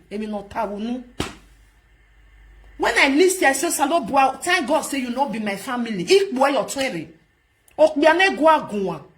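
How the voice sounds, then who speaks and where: A woman from Nigeria with a Nigerian Pidgin accent, ranting and scolding as a vlog host in casual commentary, repeating herself for emphasis. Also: sits high. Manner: scolding, repetitive, animated.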